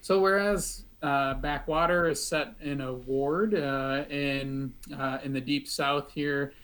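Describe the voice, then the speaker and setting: A man narrating as the game master of a tabletop role-playing game, in a relaxed way with a few fillers. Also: mid-range voice, slow, rough recording.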